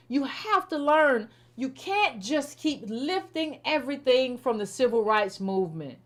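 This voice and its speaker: A middle-aged woman with a high-pitched voice delivers political commentary in a casual, unscripted way. She talks bluntly and repeats herself as she presses each point, with plenty of informal turns of phrase. Her tone stays exasperated and critical throughout. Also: fairly bright tone.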